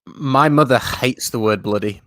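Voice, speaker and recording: A man with a mid-range voice hosts a livestream, speaking a little slowly and chatting casually about fragrances. He's relaxed and self-deprecating and laughs easily, with no room sound on the recording.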